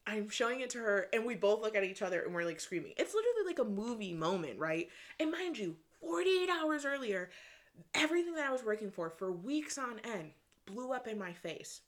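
A woman from Michigan, hosting a podcast, telling a personal story in an excitable, casual way, with lots of "like" and some swearing. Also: on the high side, a little fast. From Michigan, USA. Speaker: podcast host.

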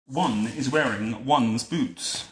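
A man's voice: medium pitch, takes it slowly, lightly acted. Man reading as an imperious elderly queen, mannered and commanding; echoey room. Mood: regal. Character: bossy old queen who drives a bus, haughty.

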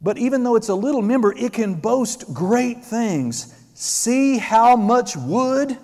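Male pastor, high-pitched voice, animated delivery that builds to shouting, long hall reverb. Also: slow pace. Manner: animated, rising to shouts, acts out quotes. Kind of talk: sermon.

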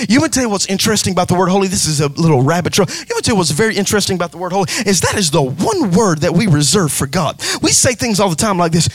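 High-voiced preacher shouting emphatically. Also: male voice, sing-song, very fast, few pauses, husky, no echo. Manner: emphatic, rising to shouts and sung cadences. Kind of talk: sermon.

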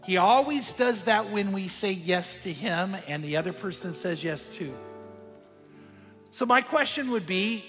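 A male pastor preaching a sermon, telling a story that moves between hushed and emphatic passages. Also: high voice, expressive, measured pace, long reverb tail, soft background music.

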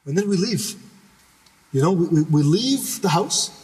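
A man's voice: sits high, lively intonation, a little slow, a little mellow, long reverb tail, far from the mic. A young man from Canada telling a personal story in casual podcast chat, rambling with many restarts and asides.

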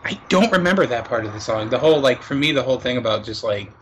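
A man's voice: mid-range voice, lively intonation, quick pace, a bit bright, slight background noise. Dry, sarcastic podcast co-host man. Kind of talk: casual chat.

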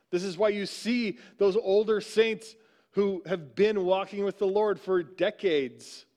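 High-voiced man preaching conversationally. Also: a little mellow. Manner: conversational preaching, frequent "right?" asides. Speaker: pastor. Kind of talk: sermon. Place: church sanctuary.

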